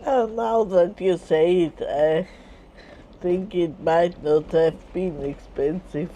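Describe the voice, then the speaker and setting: A woman co-hosting a vlog, making slow, brief remarks in casual chat over a meal. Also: lowish voice, warm tone, a little hiss or hum. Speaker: vlog co-host.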